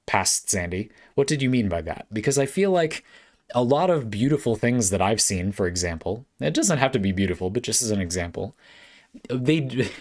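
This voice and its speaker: A man talking casually to camera at home, answering a viewer's question and thinking aloud with fillers, restarts and short laughs. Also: fairly low pitch. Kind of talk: casual spoken essay to camera.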